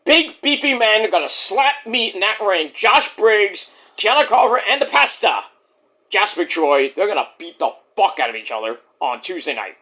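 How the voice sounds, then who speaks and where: A man in his forties giving a casual, rambling, profane review, now and then mimicking others in quick put-on voices. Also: high-pitched, big pitch swings, bright, forceful tone. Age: 40s. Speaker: wrestling show reviewer.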